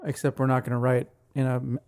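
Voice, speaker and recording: A man's voice: medium pitch, little pitch movement, quick pace, a little mellow. A man co-hosting a casual podcast, talking in an easygoing, offhand, joking way. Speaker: podcast co-host. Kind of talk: casual chat.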